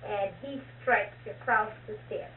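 A woman's voice: medium pitch, a little slow, a little hiss or hum. An older woman chatting and reminiscing in a group conversation. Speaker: participant in group talk. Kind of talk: casual conversation. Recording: tinny, echoey recording from far off.

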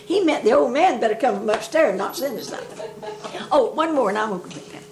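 A woman's voice: fairly high pitch, expressive, fast talker. An older woman telling folk jokes in a rambling, folksy dialect. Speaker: storyteller.

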